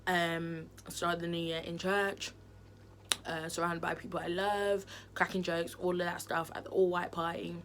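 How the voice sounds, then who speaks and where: A woman's voice: lowish voice, level tone, moderate pace, fairly bright tone, a little hiss or hum. A woman in a candid, chatty vlog to camera, talking frankly and expressively from indoors at home. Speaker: vlogger. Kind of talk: candid casual chat to camera.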